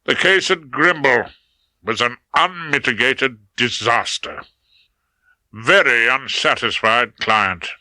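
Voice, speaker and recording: A man's voice: mid-range voice, expressive, takes it slowly, bright, forceful tone, dry recording, poor audio. A man reading a first-person audiobook with wry, dry humour. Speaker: audiobook narrator.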